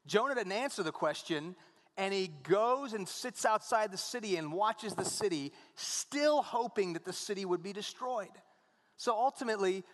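A man's voice: high-pitched, a bit bright, long reverb tail. A man preaching a conversational sermon, often asking his congregation "right?". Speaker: pastor.

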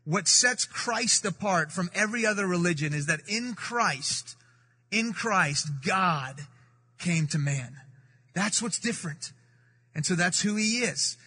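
Middle eastern-born preacher guy, high bright voice, slows way down on bible verses, echoey church hall. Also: animated, husky. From Middle East. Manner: emphatic, repeats key phrases, slows for scripture. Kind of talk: sermon. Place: church sanctuary. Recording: reverberant hall.

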